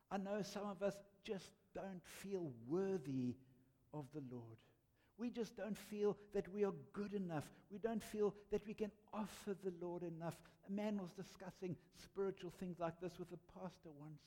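A man preaching a sermon, telling stories earnestly and emphatically with dramatic pauses. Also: high voice, mellow. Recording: long hall reverb.

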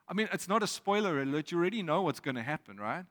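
A man preaching a sermon in a reflective way, reading scripture aloud with pauses. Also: high-pitched, big pitch swings, a bit bright. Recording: long reverb of a hall.

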